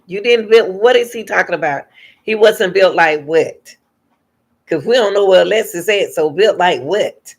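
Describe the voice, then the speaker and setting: A woman's voice: mid-range voice, moderate pace. A woman hosting a reaction channel, giving emphatic commentary and repeating her points to her viewers.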